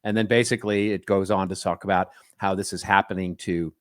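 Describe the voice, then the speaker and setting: Male co-host, lowish voice, close and dry, sardonic delivery. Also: steady tone, a little fast, few pauses, no echo. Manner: wry, skeptical, stumbles over his words. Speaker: podcast co-host. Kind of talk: casual chat.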